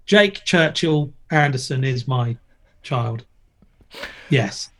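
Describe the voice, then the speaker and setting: A middle-aged guest on a casual podcast, a former TV presenter and skater, tells jokey, playful stories and does loud impressions when quoting people. His medium-pitched voice has lively intonation and a slow pace.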